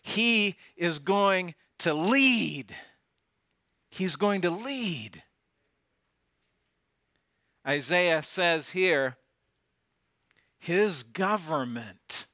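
A man preaching a sermon, swinging from loud declarations down to near whispers and putting rhetorical questions to his congregation. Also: sits high, lively intonation, extremely slow, pauses often, no echo, studio quality. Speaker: pastor.

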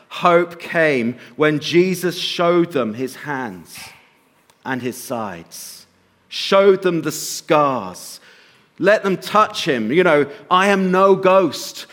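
A man giving a sermon and telling a personal story, slowing to soft emphasis at times and lifting his voice at others. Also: on the high side, expressive. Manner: storytelling, shifts between soft slow emphasis and raised bursts. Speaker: pastor.

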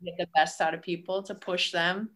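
Lady coach w a low voice, laid back, lots of ums. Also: moderate pace, a crowd in the background. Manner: relaxed, thoughtful, with frequent ums. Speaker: college coach. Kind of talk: interview answers.

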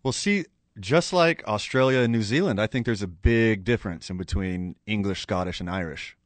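A man's voice: on the low side, normal speed, no echo. A man co-hosting a studio talk show in casual, wry banter. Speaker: co-host. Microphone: studio mic.

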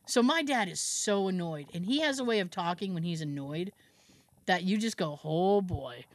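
Speaking at normal speed in a lowish voice, this woman co-hosts a podcast and recounts a family story casually. She acts out her relatives' lines with animation, laughing often and saying "like" a lot.

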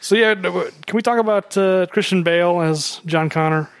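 A man in a casual, opinionated movie discussion, animated and mocking. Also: high voice, moderate pace, smooth, dry recording.

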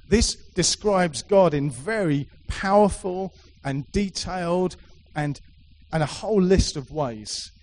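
A man's voice: a little high, a little mellow, low-quality recording. A middle-aged man preaching a sermon to a congregation, emphatic and repetitive, with playful asides. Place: church hall with a live congregation.

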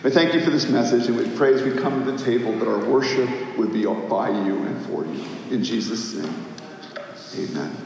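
A man's voice: medium pitch, moderate pace, creaky, distant mic. Pastor, man, fervent sermon delivery, big reverberant sanctuary sound, faint room noise. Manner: impassioned, swinging between shouting and hushed prayer. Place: church sanctuary. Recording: echoey hall, faint ambience.

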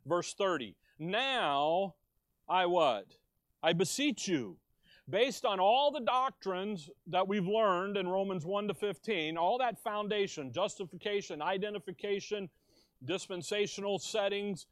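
A middle-aged male pastor preaching a sermon, slow and emphatic, asking the congregation questions and telling jokes. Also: high-pitched, expressive, dry recording. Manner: tells jokes with quoted voices.

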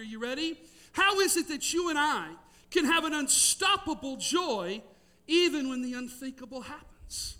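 A middle-aged man, preaching a sermon with emphatic, drawn-out key words and storytelling. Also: very high voice, bright, forceful tone, far from the mic. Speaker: pastor.

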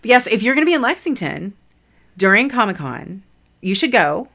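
A woman's voice: medium pitch, moderate pace, creaky. A woman, a guest author, chatting casually and swearing freely. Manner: swearing, upbeat, lively. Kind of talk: casual chat.

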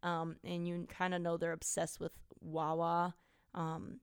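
A woman's voice: fairly low pitch, monotone, measured pace, clear, resonant tone, dry recording, clean studio sound. Chatty, giggly woman podcast co-host. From Wisconsin. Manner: chatty, giggly, self-mocking. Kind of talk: casual chat.

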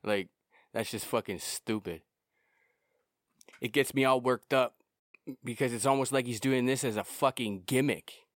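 A man's voice: mid-range voice, unhurried, long pauses, no echo, studio quality. A young man hosting his own podcast, ranting heatedly with lots of swearing and repeated words. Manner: heated, profane, repetitive. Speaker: podcast host and musician. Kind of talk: solo podcast rant.

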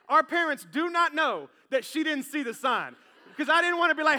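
A man, preaching a sermon and telling a personal story in an animated way. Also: very high-pitched, normal speed. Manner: animated storytelling, acts out voices. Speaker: pastor. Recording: long hall reverb.

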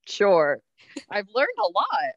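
A woman co-hosting a podcast, explaining science briskly in a casual, easygoing way. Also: mid-range voice, huge pitch swings, dry recording, muffled recording. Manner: brisk, explanatory, laughs easily. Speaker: podcast co-host.

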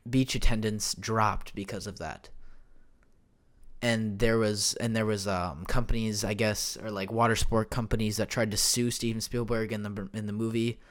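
Young male solo podcast host, lowish voice, loose and rambling, lots of ums and restarts, desk mic at home. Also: little pitch movement, normal speed. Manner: rambling, many fillers and self-corrections. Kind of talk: casual solo podcast chat. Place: home room. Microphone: desk microphone.

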